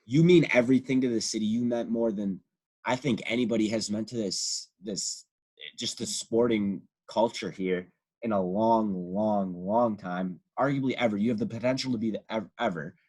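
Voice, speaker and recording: A young man co-hosting a casual sports podcast, excitable and profane, rambling as he talks. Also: lowish voice, moderate pace. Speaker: podcast co-host.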